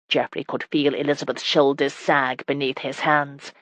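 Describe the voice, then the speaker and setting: An audiobook narrator reading a historical romance in steady, even scripted narration. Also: mid-range voice, moderate pace, no echo.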